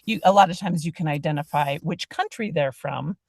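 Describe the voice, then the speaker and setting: A woman podcast host chatting with a guest, telling a self-deprecating story in a lively way. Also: low-pitched, a little fast, gravelly, breathy edge, no room sound. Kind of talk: casual interview chat.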